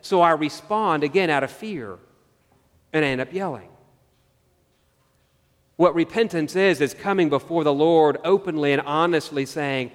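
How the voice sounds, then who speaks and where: A man preaching a sermon, earnest and searching, asking his listeners questions and slowing down on key phrases. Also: on the high side, in a large hall. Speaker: pastor.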